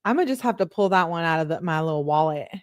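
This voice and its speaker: Female commentator, lowish voice, chatty, reads texts aloud, dry close mic. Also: animated, quick pace, clean tone, no room sound. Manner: chatty, laughs often, talks to chat. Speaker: true crime commentator reading texts. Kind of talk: casual commentary reading messages aloud.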